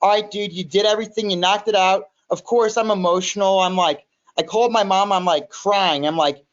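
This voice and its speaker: A man with a high voice spins a casual story, animated and rambling, full of self-quotes. The audio sounds dull and lo-fi, like a home call recording. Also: fairly quick, few pauses. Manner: animated, repeats himself, quotes himself. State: recovering in hospital. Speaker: podcast guest, music studio owner.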